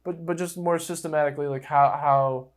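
Rambling, excitable young man hosting a podcast. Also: fairly high pitch, brisk. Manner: rambling and excitable, swears, many fillers. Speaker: podcast host. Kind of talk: casual chat.

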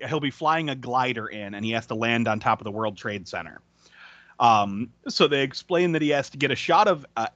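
A man's voice: mid-range voice, pushed and bright, dry recording. A man co-hosting a podcast, recapping a movie in casual chat, swearing freely and laughing often. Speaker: podcast co-host.

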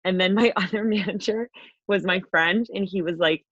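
A young woman co-hosting a podcast, telling a story in a brash, profane, animated way. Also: mid-range voice, moderate pace, breathy edge, no room sound, muffled recording. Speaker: podcast co-host. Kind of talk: casual storytelling chat.

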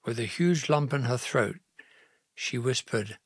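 Slow husky male storyteller. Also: medium pitch, lively intonation, no echo, studio quality. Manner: slow, gentle, earnest reading. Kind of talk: Bible story narration.

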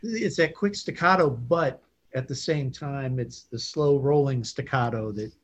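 A man's voice: mid-range voice, unhurried, dull audio. A man co-hosting a podcast in casual chat who laughs often and drops into playful put-on voices.

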